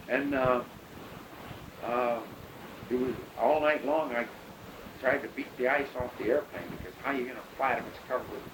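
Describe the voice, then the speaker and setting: An older man, a pilot, recounting his past in a rambling, halting way full of fillers. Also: mid-range voice. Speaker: bush pilot telling his story. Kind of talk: oral history storytelling. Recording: noisy recording.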